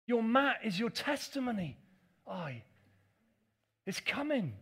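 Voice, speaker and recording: A man delivers a sermon with a notably high-pitched voice. He preaches with animation, often dropping into playful voices to mimic his critics. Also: big pitch swings, slow pace, fairly bright tone, husky. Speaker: pastor.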